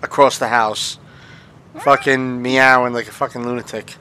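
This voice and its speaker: Bright-voiced, foul-mouthed male streamer. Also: mid-range voice, steady tone, normal speed, slight background noise. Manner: laid-back, swears freely. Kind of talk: casual live-stream chat. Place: home.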